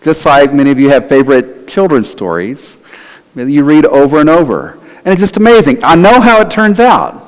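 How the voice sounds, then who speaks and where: A man's voice: fairly high pitch, very animated, normal speed. A male pastor giving a conversational sermon in a church, sometimes acting out quoted voices. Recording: long hall reverb.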